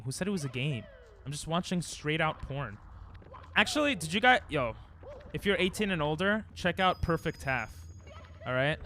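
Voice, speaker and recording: Young guy streaming games at home, sarcastic crude banter w chat, voice jumps all over, bright edge. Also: on the high side, a little hiss or hum. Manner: frustrated outbursts at the game. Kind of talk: live game stream commentary.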